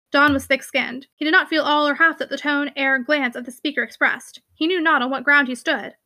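Young woman, high voice, reads a novel aloud and chats eagerly about it. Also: fast, hardly any pauses, pushed and bright, no room sound, studio quality. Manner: eager, chatty, many fillers in commentary. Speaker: audiobook reader and book commentator. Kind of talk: reading a novel aloud, then casual commentary.

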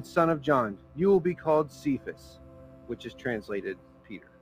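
A man's voice: fairly high pitch, animated, normal speed, soft background music, rough recording. A man preaching a sermon as pastor, in a casual, conversational way with fillers and small jokes.

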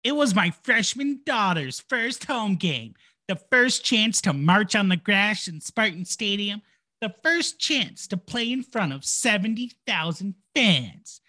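Woman putting on a whiny indignant dad reading his gripe letter, pitched up high. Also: pushed and bright, exaggerated voice. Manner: whiny, indignant, mocking read. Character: whiny complaining middle-aged dad writing a letter. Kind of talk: mock reading of a complaint letter.

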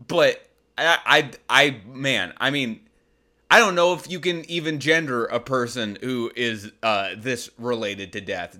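A young man hosts a comedy advice podcast, reading out listener questions and answering in exasperated, incredulous rants full of rhetorical questions. His voice is medium-pitched with a sharp tone.

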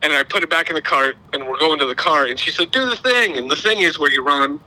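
A man's voice: fairly high pitch, fast talker, pushed and bright, low-quality recording. A middle-aged man, telling a long, rambling, self-deprecating story in casual podcast chat. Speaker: podcast co-host.

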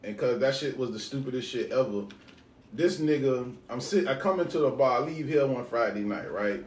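A man's voice: medium pitch, moderate pace, a little hiss or hum. A man telling a long story in casual podcast chat, laughing and acting out the dialogue. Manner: animated, laughing, acts out dialogue. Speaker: podcast co-host. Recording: roomy, distant mic, faint ambience.

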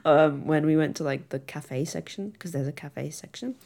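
A woman's voice: low voice, normal speed, vocal fry, darkish tone. A young woman, chatting casually to camera in a giggly, rambling, self-mocking way. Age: young adult. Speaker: vlogger.

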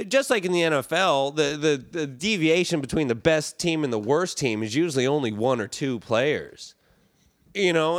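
A man's voice: on the high side, dry recording, clean studio sound. A man guesting on a podcast, talking loosely and animatedly, often trailing off mid-sentence. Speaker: comedian guest. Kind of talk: casual podcast chat.

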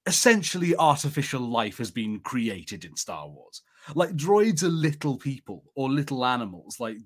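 A man's voice: mid-range voice, fairly bright tone. A man co-hosting a podcast, chatting easily about a TV episode and telling stories, laughing often. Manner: easygoing, laughs often, storytelling. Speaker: podcast co-host. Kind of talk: casual chat reviewing a TV episode.

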